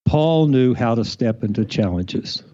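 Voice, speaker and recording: A man's voice: mid-range voice, expressive, a little slow, mellow, no echo. A man co-hosting a faith podcast, speaking thoughtfully and telling personal stories. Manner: thoughtful, storytelling. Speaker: podcast co-host. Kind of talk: reflective faith podcast chat. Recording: slightly dull lo-fi recording.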